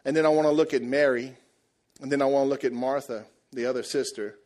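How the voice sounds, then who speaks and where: A man preaching a sermon, telling the story in a lively, joking way and acting out the people in it. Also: medium pitch, fast talker. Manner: animated, jokey storytelling, acts out voices. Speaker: pastor.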